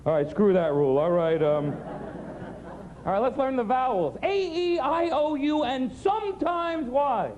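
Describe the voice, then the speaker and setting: A man doing an observational stand-up routine, animated riffing with sing-song mimicry. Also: extremely high pitch, unhurried. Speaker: stand-up comedian. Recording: dull 90s TV recording with crowd noise. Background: audience.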